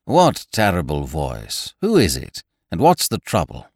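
Man reading as a deep-voiced, urgent doctor for an audiobook; dry sound. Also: wildly swooping pitch, a little slow, darkish tone, dry recording, exaggerated voice. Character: brisk middle-aged male doctor.

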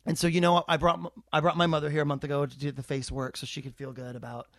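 A man in his forties, a comedian co-hosting a chat, telling a story in an animated, rambling, self-deprecating way. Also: a little high, quick pace. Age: 40s. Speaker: comedian co-host.

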